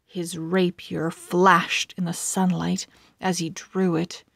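Slow, calm woman reading a children's book. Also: fairly low pitch, creaky, dry recording, clean studio sound. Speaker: storyteller. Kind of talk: children's book read-aloud.

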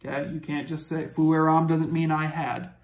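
Man, Latin teacher, higher voice, patient and methodical. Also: flat delivery, moderate pace, darkish tone, low-quality recording. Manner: patient, methodical, checks in with "okay?". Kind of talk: recorded classroom lesson.

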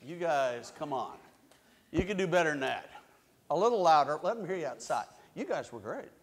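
A man's voice: a little high, lively intonation, normal speed, vocal fry. A middle-aged man telling a story to children in a church sanctuary, playful and coaxing. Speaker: church leader giving the children's message. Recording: long church hall reverb.

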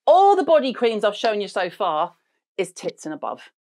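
A woman's voice: mid-range voice, big pitch swings, normal speed, a little mellow. A middle-aged woman, hosting a beauty product chat in a blunt, sweary, jokey way. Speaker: beauty show host. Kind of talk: casual chat reviewing products.

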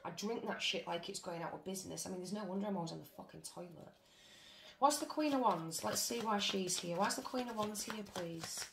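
Sweary British woman reading tarot. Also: mid-range voice. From Britain. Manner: blunt and sweary, chatty. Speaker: tarot reader. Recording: roomy with faint noise.

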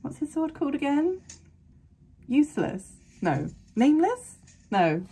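A woman's voice: high voice, very animated, slow pace, pauses often, warm tone. A woman hosting an anime reaction, gasping, exclaiming and swearing bluntly as she comments live.

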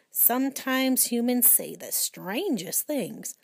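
A woman narrating a children's storybook aloud in a clear, steady reading voice. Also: mid-range voice, unhurried, no echo, clean studio sound. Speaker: audiobook reader.

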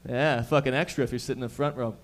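A man's voice: mid-range voice, fairly even intonation. A young man from the Toronto area hosting a stand-up set, firing off profane jokes at the crowd. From Toronto area, Canada. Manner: profane, rapid-fire joking to the crowd. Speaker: stand-up comedian and host. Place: comedy lounge stage.

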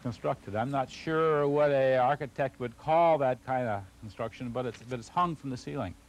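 A man's voice: mid-range voice, normal speed. Hesitant man explaining a building. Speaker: restoration committee member. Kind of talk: on-location interview.

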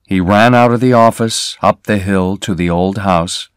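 Slow, clear male story reader. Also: fairly low pitch, no echo, clean studio sound. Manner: slow, clear, plain reading. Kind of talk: scripted narration of a graded reader.

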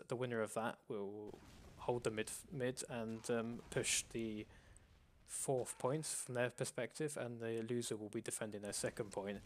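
A man hosting a live stream, explaining game rules in a self-described monotone voice with frequent fillers and restarts. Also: fairly low pitch, a little hiss or hum. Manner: calls his own voice monotone, many fillers and restarts. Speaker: host.

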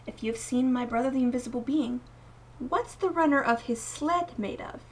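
A woman voicing a wise, gentle woman in a storybook, speaking softly with rising wonder. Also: sits high, normal speed, breathy edge. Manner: soft, warm, wondering. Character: wise, gentle older sister of a spirit.

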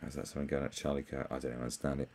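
The delivery is flat but racing, the tone darkish: a British host doing sarcastic meme commentary. He mocks and swears freely, breaking into high mock voices.

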